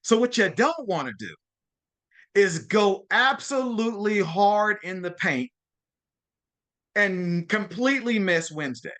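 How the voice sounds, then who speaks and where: Chatty man with a bright voice. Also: high voice, animated, unhurried, long pauses. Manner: chatty, keeps checking in with "okay?" and "right?"; frequent restarts and repeated words. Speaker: host of a mastermind call. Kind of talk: casual presentation on a group video call. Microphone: video call.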